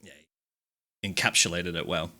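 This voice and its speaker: A man's voice: low voice, steady tone, normal speed, bright, forceful tone. A man hosting a live stream, reading out chat quotes and reacting with dry asides and laughter. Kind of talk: casual live-stream commentary.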